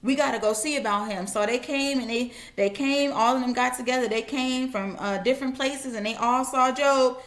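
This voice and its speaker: Woman, high voice, casual Bible teaching, slangy animated retelling. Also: moderate pace, few pauses.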